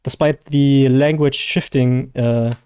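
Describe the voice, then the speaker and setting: A man's voice: medium pitch, fairly even intonation, takes it slowly, a little mellow, smooth. A man with a German accent chatting casually and rambling to viewers on a live game stream, his first language German. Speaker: gaming streamer.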